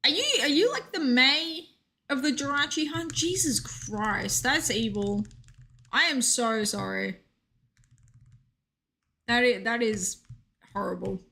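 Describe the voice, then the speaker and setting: Young woman game streamer, higher and bright, chatty and jokey, reacting to chat. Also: animated, takes it slowly, gravelly, pauses often. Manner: chatty, reads chat aloud, joking asides. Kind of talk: casual live-stream chat.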